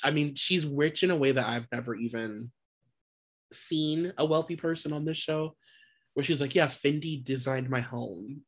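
A podcast co-host in casual chat, slangy and swearing, often restarting words mid-sentence. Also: medium pitch.

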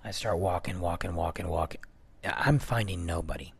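A man in his thirties or forties from the Detroit area, telling a personal story in a casual, animated way, rising to excited bursts and dropping to a hushed voice. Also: deep voice, normal speed, gravelly, slightly rough.

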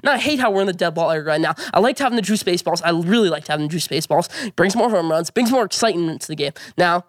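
Fast-talking man ranting about sports. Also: sits high, lively intonation, no room sound, clean studio sound. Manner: emphatic, opinionated rant with repeated phrases. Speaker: sports show host. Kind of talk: sports opinion vlog.

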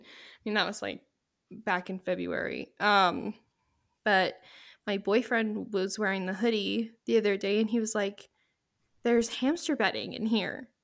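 A woman's voice: mid-range voice, creaky. A young woman hosting a podcast, tearful and apologetic, rambling with lots of fillers in casual chat. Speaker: podcast host.

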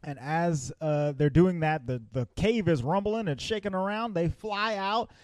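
A man's voice: fairly high pitch, measured pace, a little mellow, no room sound. A man co-hosting a movie podcast in casual discussion, animatedly retelling scenes and often repeating his words. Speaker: podcast co-host.

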